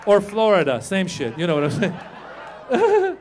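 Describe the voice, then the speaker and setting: A middle-aged man from Iran doing stand-up comedy on stage, animated and shouting his punchlines while acting out the people in his stories. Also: high voice, a little slow, some chatter behind. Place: comedy stage before a live audience.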